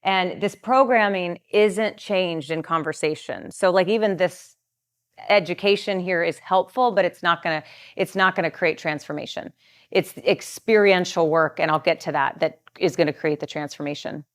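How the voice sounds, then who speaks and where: A woman's voice: fairly low pitch, moderate pace. A woman guest coach explaining in a masterclass talk, earnest, with many filler words and restarts. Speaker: guest coach on trauma and the nervous system.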